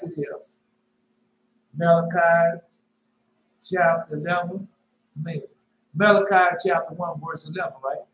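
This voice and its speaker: A man preaching an informal sermon, reading scripture and asking his listeners rhetorical questions, repeating lines and jumping sharply in pitch on emphatic words. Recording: echoey room with faint noise.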